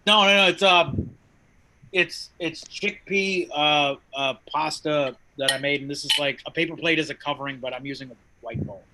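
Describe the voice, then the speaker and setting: A man's voice: on the high side, a little fast, few pauses, noisy background. A man in a casual group chat who eats while he talks and jokes about it. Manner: eating while talking, jokey.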